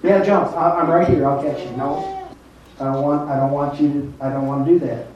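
A man's voice: on the high side, expressive, fairly quick, darkish tone, slight background noise, close to an everyday voice. A man doing the voice of a scared little boy at a pool, whiny and refusing. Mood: scared, pleading. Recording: echoey room, mic far off, dull.

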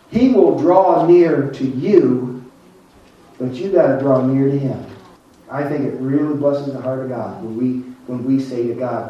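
Older male pastor preaching, dark mellow voice, far from the mic, echoey church. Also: medium pitch, lo-fi sound. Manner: preaching, calls on the congregation, slows down for emphasis. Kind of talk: sermon.

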